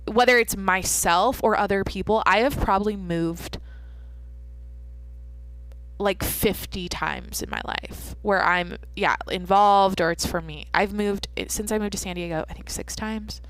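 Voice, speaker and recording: A woman's voice: medium pitch, fairly even intonation, unhurried, a bit bright, dry recording. A young woman hosting her own podcast, telling a long rambling story full of swearing and self-interruptions. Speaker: podcast host. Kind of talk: casual solo podcast monologue. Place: home at night.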